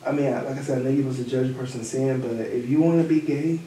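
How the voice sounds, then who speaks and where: A man's voice: mid-range voice, fairly even intonation, fast talker, mellow, a little hiss or hum. A man who is a guest on a podcast in casual chat, earnest and preachy, repeating his points. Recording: very echoey room, far from mic.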